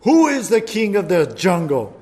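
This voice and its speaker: A man's voice: fairly high pitch, lively intonation, a little slow, darkish tone. Man putting on a roaring, boastful lion. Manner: roaring, bossy, then sulky. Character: boastful male lion, king of the jungle.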